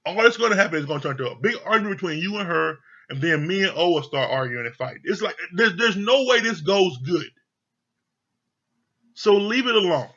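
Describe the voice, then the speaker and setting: Profane bright-voiced man recapping a show. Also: high voice, expressive, brisk, highs cut off. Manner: candid, profane, retells scenes with quoted voices. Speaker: show reviewer. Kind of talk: casual recap commentary.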